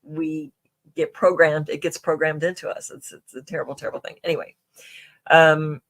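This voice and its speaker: A woman with a deep, fairly bright voice and some vocal fry appears as a podcast guest, very animated and speaking at normal speed. She tells personal stories casually and ramblingly, with lots of fillers and restarts.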